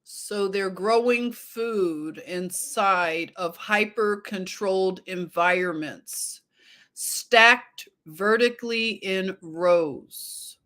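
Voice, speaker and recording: Slow-talking sarcastic woman livestreamer. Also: medium pitch, bright, forceful tone. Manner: sarcastic, reads headlines aloud and laughs at them. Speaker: livestream host. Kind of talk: casual livestream commentary.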